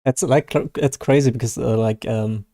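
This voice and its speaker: A man's voice: medium pitch, steady tone, normal speed, dark tone, no echo, studio quality. A man from Germany with a German accent, hosting a casual live gaming stream, hesitant and self-deprecating with many fillers and restarts.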